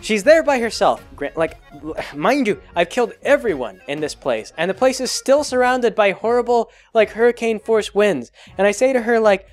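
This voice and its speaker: A man's voice: high voice, moderate pace, faint music behind. A man hosting his own show, recapping a video game in a rambling, exasperated way with lots of filler words. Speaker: blog host. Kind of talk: casual gaming recap monologue.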